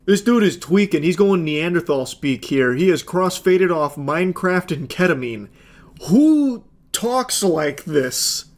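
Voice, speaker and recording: A man in his thirties giving sarcastic, profane, deadpan commentary while reading text messages aloud. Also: high voice, measured pace. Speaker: commentary host.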